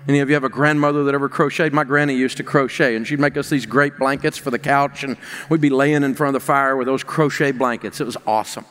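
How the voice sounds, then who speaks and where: A man's voice: mid-range voice, steady tone, fast talker, fairly bright tone, clean tone. Middle-aged male pastor preaching in a hall. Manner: storytelling, rising to emphatic preaching. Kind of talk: sermon. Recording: long reverb of a large hall.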